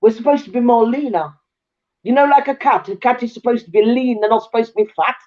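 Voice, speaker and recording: A woman speaks earnestly in a casual chat, laying out her opinions and coming back to the same points. Her voice sits fairly high and comes through a dull, lo-fi recording. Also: quick pace.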